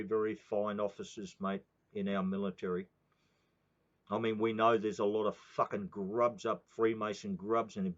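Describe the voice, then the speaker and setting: An older man with an Australian accent rants in a profane, rambling monologue, tacking "mate" onto nearly every sentence. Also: lowish voice. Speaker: political commentator. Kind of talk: ranting monologue. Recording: dull lo-fi recording.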